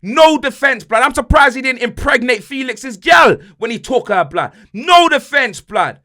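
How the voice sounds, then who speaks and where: A man's voice: very high voice, lively intonation, moderate pace, bright, forceful tone. A young man, a podcast host ranting angrily about his football team, swearing and fuming. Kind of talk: football rant.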